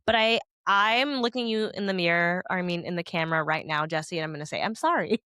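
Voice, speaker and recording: A woman's voice: on the low side, fairly even intonation, brisk, bright, forceful tone, clear, resonant tone, no room sound. Young woman, podcast co-host, chatty and giggly, dry close sound. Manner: chatty, lots of likes and laughs. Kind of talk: casual chat.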